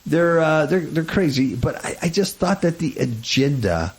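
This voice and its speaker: A man's voice: on the high side, sing-song, normal speed, rough recording. A man hosting a radio talk show, chatting casually in a sarcastic, mocking way. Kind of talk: casual chat.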